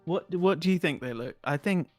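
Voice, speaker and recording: A man's voice: fairly high pitch, normal speed, no echo. Young man, game streamer, playful chatter, dry close sound, faint music behind. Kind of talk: casual chat.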